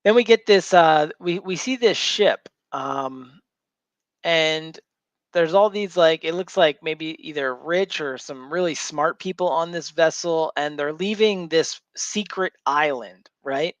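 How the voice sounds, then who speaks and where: A man's voice: fairly high pitch, a little slow, no echo. A man hosting a comic book show, casually retelling a story with lots of fillers and restarts. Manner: rambling, filler-heavy retelling.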